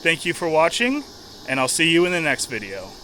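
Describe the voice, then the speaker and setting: A man's voice: on the high side, wildly swooping pitch, a little fast, sharp tone, slight background noise. Plainspoken man vlogging outdoors by a river. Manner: plainspoken, often repeats himself. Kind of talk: casual outdoor travel vlog.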